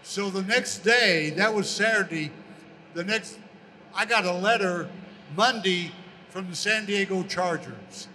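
Older man spinning an animated story. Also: sits high, measured pace, big-room sound, slight background noise. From United States. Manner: animated storyteller, acts out quoted voices. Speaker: interview guest, former pro football player. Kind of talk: storytelling in a casual interview.

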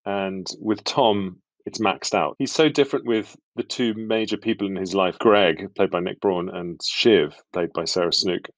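British man, British accent, deep voice, dry studio mic, wry and self-mocking, relaxed interview chat. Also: a little slow, few pauses, no echo. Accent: British English. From England. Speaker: actor guest.

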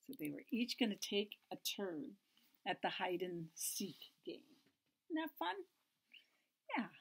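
A woman's voice: medium pitch, sing-song, slow pace, long pauses, husky. A woman leading a children's story time, reading a picture book aloud in a playful, exaggerated sing-song way for small children.

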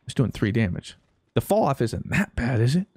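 Excitable young man with a lively voice. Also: medium pitch, normal speed, husky, dry recording. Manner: excitable, jokey, with sudden loud outbursts. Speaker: gaming YouTuber. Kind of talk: gameplay commentary.

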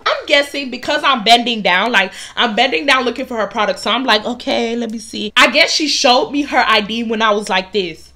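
A young woman vlogger telling a work story in a casual, animated and profane storytime monologue, often getting loud for emphasis. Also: on the high side, fairly quick, few pauses.

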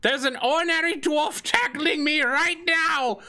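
A man's voice: extremely high pitch, unhurried, sharp tone, voice pushed up, full character voice. A man doing a panicky frail old assistant. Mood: panicked. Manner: whiny, flustered, pleading.

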